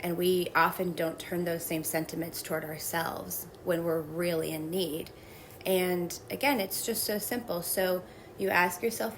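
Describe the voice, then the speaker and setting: A woman guest calmly explaining a self-help technique in a measured, reflective way. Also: lowish voice, a little hiss or hum, low-quality recording.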